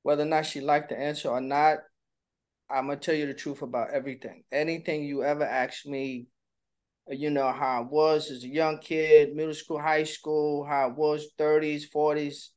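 A man's voice: a little high, level tone, moderate pace, darkish tone, clean tone. A middle-aged man chatting casually as a co-host, candid and playful, slipping into little impressions while he tells stories. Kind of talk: casual chat.

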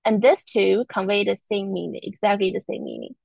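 A Taiwanese woman with a Taiwanese Mandarin accent teaches a language lesson, carefully repeating example words. Her voice has a gravelly fry. The recording sounds muffled and dry, with no room echo. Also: mid-range voice, sing-song, normal speed. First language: Mandarin Chinese. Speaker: Chinese language instructor.

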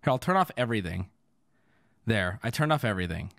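A man's voice: lowish voice, sing-song, brisk, vocal fry, a bit bright. A young man streaming live, flustered and swearing while he fixes his audio, breaking into laughter.

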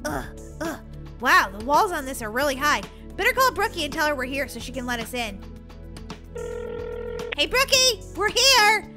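A woman's voice: sits high, very animated, normal speed, bright, forceful tone, exaggerated voice. A woman voicing a cheerful, curious young girl who exclaims in delight, in a game role-play video. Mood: excited. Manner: perky, exclamatory, giggly. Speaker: channel's game video narrator and voice actor. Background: children's background music.

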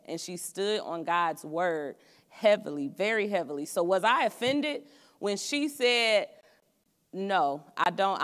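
A woman's voice: fairly low pitch, fairly bright tone, long reverb tail. A young woman giving a student sermon in a college chapel, telling stories from her own life in an earnest, conversational way. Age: young adult. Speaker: student preacher.

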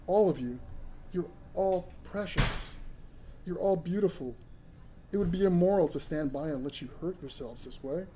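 A man voicing a gentle alien caretaker who speaks softly and with great compassion, as part of a story reading. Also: fairly high pitch, moderate pace, background noise, lightly acted. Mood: tender.

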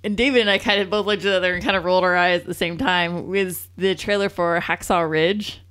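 A woman co-hosting a film podcast, telling stories in animated, casual chat and swearing freely. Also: fairly low pitch, fairly quick, clear, resonant tone. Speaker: podcast co-host.

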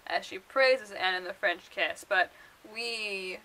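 A young woman rambling through casual book vlog commentary, full of fillers and quick laughs. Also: medium pitch, low-quality recording. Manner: chatty and rambling, many fillers, laughs often. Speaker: book vlogger.

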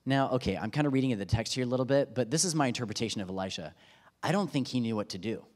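A man's voice: medium pitch, lively intonation, very fast, darkish tone. A pastor in his thirties giving a sermon in a church sanctuary, conversational and self-deprecating, often acting out quotes with humor. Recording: long reverb of a church hall.

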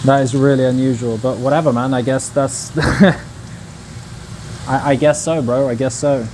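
A man's voice: medium pitch, little pitch movement, moderate pace, warm tone, slight background noise, low-quality recording. A young man casually chatting to his viewers while he cooks on a livestream, in a laid-back, slangy way. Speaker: streamer. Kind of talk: casual cooking livestream chat.

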